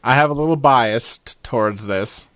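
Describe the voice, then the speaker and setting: A man's voice: medium pitch, moderate pace, no room sound. Jokey male podcast host, dry sound. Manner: relaxed, jokey, lots of ums. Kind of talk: casual movie review podcast chat.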